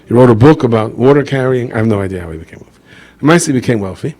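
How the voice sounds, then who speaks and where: Animated rabbi telling stories. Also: male voice, rapid-fire. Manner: animated storyteller, acts out characters with big pitch jumps, Yiddish-inflected English. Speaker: rabbi giving a Torah talk. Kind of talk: storytelling Torah lecture.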